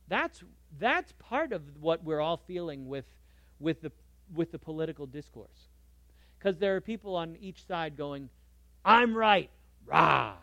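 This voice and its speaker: A man preaching a sermon as a pastor, emphatic and animated, swinging from loud bursts to soft asides. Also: sits high, no echo.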